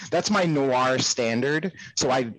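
A man's voice: medium pitch, animated, slow, a bit bright, no room sound, poor audio. Enthusiastic, swearing man co-host. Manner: enthusiastic, swears casually, stumbles on words. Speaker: podcast co-host. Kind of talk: casual chat.

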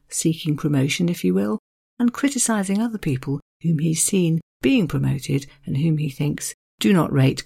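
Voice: mid-range voice, gravelly, mellow, husky. A podcast host giving a scripted literary narration, with wry, self-deprecating asides.

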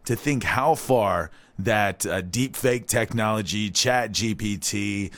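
A man's voice: fairly low pitch, slow, fairly bright tone, no echo. A man in his forties from Hawaii hosting a live community radio show in a loose, rambling way, tossing in "all right?" asides.

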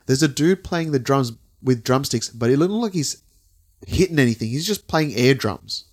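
A man's voice: mid-range voice, expressive, moderate pace, a little mellow. Man, podcast co-host, casual rambling chat, swears. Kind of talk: casual chat describing videos.

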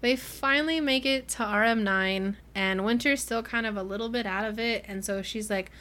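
A young woman with a fairly high voice chats about a book she loves, recapping scenes with plenty of laughs and fillers. She is a co-host on a casual podcast, quick to act out small bits of the story as she goes. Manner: animated recapping with frequent laughter and many "like" fillers.

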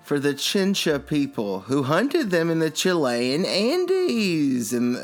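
A man's voice: fairly high pitch, huge pitch swings, takes it slowly, hardly any pauses. A man co-hosting a comedy podcast, riffing playfully with mock-dramatic asides. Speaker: podcast co-host. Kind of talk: casual comedic chat.

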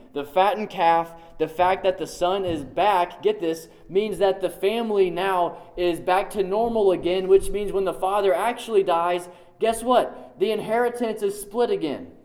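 This preacher's voice sits slightly high with a darkish tone, and he moves at a moderate pace with hardly any pauses. Emphatic yet conversational and peppered with "like," he walks through a scripture passage, repeating his main points for weight and adding offhand remarks.

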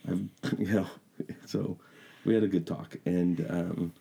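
A sick middle-aged man co-hosts a podcast, coughing now and then as he tells a halting, rambling story. His voice is deep and gravelly, with a very dark, husky tone. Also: fairly even intonation. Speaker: podcast co-host. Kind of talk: casual chat.

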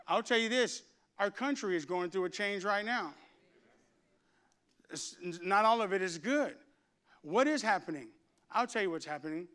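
A middle-aged man preaching a sermon from the pulpit, his voice high for a man and smooth and resonant. He mixes relaxed, joking stories with bursts of loud, fervent preaching to a congregation in the sanctuary. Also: normal speed, pauses often. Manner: rising to loud, fervent preaching with humorous asides. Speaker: pastor. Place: church sanctuary before a congregation.

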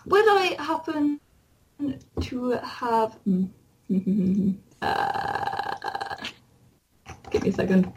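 A woman taking part in a tabletop game, slipping in and out of character. She sounds polite and hesitant, and her voice sits high. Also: very animated, drawn-out words, pauses often, distant mic, a little hiss or hum, poor audio. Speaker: player. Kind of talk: tabletop role-play, in and out of character.

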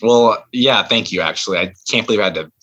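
A man's voice: lowish voice, fast, fairly bright tone, low-quality recording. A man chatting casually on a video call, hesitant and full of restarts, getting worked up and then sheepish. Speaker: podcast co-host. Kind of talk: casual chat.

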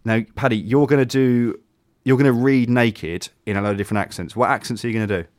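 A man's voice: mid-range voice, steady tone, fast. A man with an English accent hosting a casual radio show. He chats loosely, with many fillers and restarts. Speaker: radio host.

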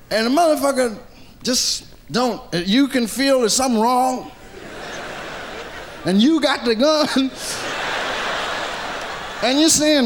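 A male stand-up comedian telling a profane story with animated delivery, acting out the characters. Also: very high voice, a little hiss or hum. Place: comedy stage, archive recording.

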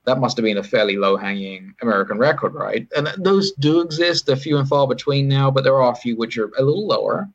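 A man's voice: medium pitch, animated, fast talker, hardly any pauses. A British man talking in a casual, rambling interview, often correcting himself and adding wry asides. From Britain. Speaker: sports federation chief executive, podcast guest. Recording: dull, lo-fi podcast audio.

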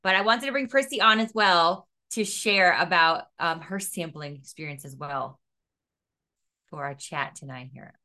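A woman's voice: fairly low pitch, measured pace, pushed and bright. A woman hosting a sales team video call, upbeat and encouraging. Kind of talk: upbeat host chat.

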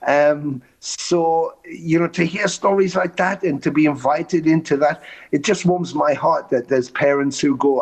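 A man's voice: on the high side, measured pace, husky. A man, a touring musician, telling long road stories in a podcast chat, swearing casually and acting out the voices of people he quotes. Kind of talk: animated storytelling in conversation.

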